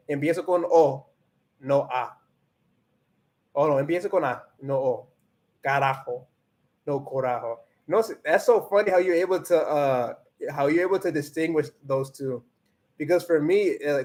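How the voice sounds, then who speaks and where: A man with a slightly high voice hosts a relaxed livestream, talking straight to his viewers. He restarts his sentences often and drifts between English and Spanish while answering the chat, laughing easily along the way. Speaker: livestream host.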